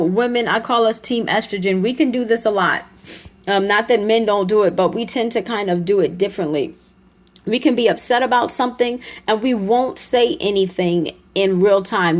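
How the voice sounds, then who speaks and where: A woman's voice: mid-range voice, a little mellow. Emphatic woman relationship coach. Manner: direct, emphatic, lecturing. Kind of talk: motivational talk.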